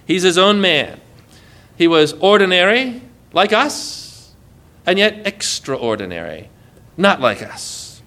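A man preaching a sermon in an earnest way, often dropping soft and low as he quotes. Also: sing-song, slow.

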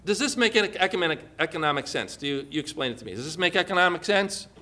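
A man preaching a sermon with an animated delivery, full of rhetorical questions and dramatic emphasis. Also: a little high, quick pace.

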